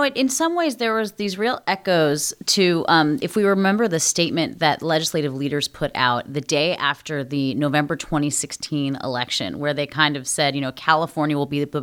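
Female co-host, deep smooth voice, chatty and playful. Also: a bit bright. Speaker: reporter, podcast co-host. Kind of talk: casual political talk.

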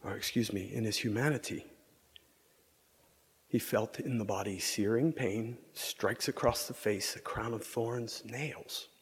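A man preaching a meditative reflection at a vigil, speaking in a measured, contemplative way and sometimes dropping to a whisper. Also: fairly low pitch, fairly even intonation, big-room sound, a little hiss or hum. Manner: measured, contemplative, drops to whispers for inner thoughts. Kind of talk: slow meditative sermon.

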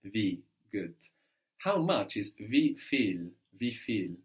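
A man's voice: fairly low pitch, sing-song, slow pace. Patient male tutor coaching a student step by step, frequent "no?" check-ins. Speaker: language teacher. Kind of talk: one-on-one German lesson.

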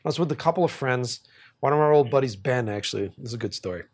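A man's voice: medium pitch, fast talker. A man hosting a podcast, telling a story in a casual, profane way and often laughing. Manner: animated, profane, laughs while telling stories. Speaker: podcast host.

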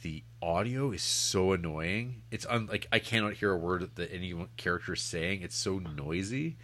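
A man's voice: low voice, moderate pace, a bit bright. A man co-hosting a podcast in casual chat, wry and blunt with joking asides. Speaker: podcast co-host.

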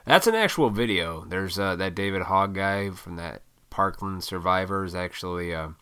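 A man's voice: low voice, flat delivery, moderate pace, pushed and bright, smooth. A man in his thirties ranting casually, rambling and swearing a lot as he gives his opinions. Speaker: vlogger. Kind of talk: casual rant.

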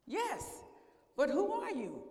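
A woman voicing a desperate man hanging from a cliff, pleading high and frantic. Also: wildly swooping pitch, slow, a little mellow, echoey room, big-room sound, exaggerated voice.

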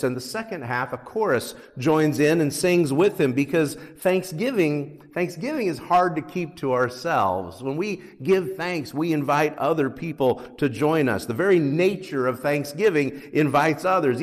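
A man preaching a sermon as pastor, earnest, lifting his voice when he reads scripture. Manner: earnest, rises in pitch and force on scripture readings. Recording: long hall reverb.

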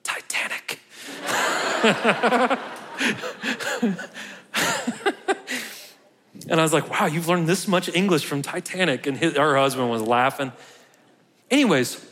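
A man's voice: on the high side, fairly quick, a bit bright. A man, a pastor, giving a conversational sermon and telling a personal story with quoted dialogue. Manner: conversational, tells stories with quoted dialogue and laughs. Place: church sanctuary. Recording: long hall reverb.

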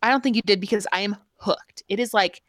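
A woman chats quickly and eagerly on a podcast, filling her talk with "like." Her voice sounds dry and close. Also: medium pitch, fairly bright tone, dry recording. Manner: enthusiastic, quick, uses "like" a lot. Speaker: podcast co-host. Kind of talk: casual chat.

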